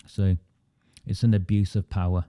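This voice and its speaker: A man's voice: sits low, little pitch movement, moderate pace, warm tone, clean tone. A man delivering an impassioned political monologue, angry and emphatic, repeating phrases for force and reading out viewer comments by name. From Oldham area, England.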